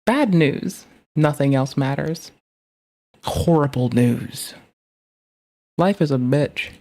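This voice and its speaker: A speaker chatting in a casual, rambling way with a deadpan, nihilistic and profane manner. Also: medium pitch, measured pace.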